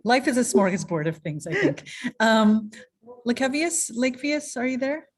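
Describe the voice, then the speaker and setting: A woman's voice: on the high side, lively intonation, moderate pace. A woman moderating an online panel over a video call, chatty with many ums and restarts.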